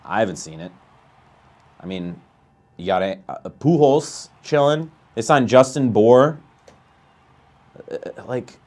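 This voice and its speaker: A man playing a baseball video game live, chatting with viewers and ranting with a voice that climbs high when he gets outraged. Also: animated, measured pace, pauses often, darkish tone. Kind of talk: live gameplay commentary and chat.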